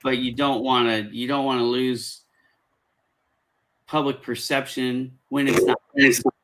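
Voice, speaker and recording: A man's voice: mid-range voice, flat delivery, measured pace, fairly bright tone, rough recording. A man in his forties hosting a casual chat, giving earnest, emphatic advice. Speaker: host.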